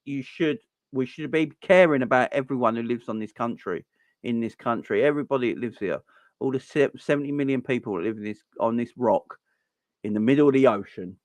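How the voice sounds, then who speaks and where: A man, hosting a football channel, giving a heated monologue full of repeats and restarts that climbs toward near-shouting. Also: mid-range voice, fairly quick, no echo. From London. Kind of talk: passionate ranting monologue.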